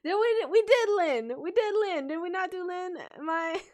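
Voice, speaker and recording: A woman's voice: very high voice, moderate pace. A woman hosting a casual livestream and reading viewer names aloud from chat. She giggles often, gets distracted and stumbles over names as she scrolls. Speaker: livestream host and storytelling bard.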